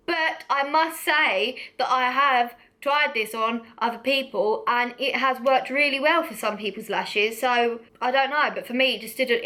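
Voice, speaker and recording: A woman's voice: a little high, sharp tone. A young woman giving a casual, blunt beauty product review, chatty and laughing often. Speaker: beauty vlogger.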